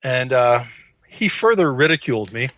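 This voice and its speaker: A man in his sixties with an American accent, a psychiatrist guest telling a personal story in an animated, self-deprecating way. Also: mid-range voice, moderate pace, dry recording. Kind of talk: conversational storytelling.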